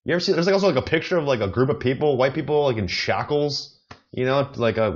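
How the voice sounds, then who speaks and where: A man's voice: medium pitch, fast talker, dull audio. A man from the United States hosting a solo comedy podcast, meandering and chuckling at his own jokes. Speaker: podcast host, amateur comedian. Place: apartment in China.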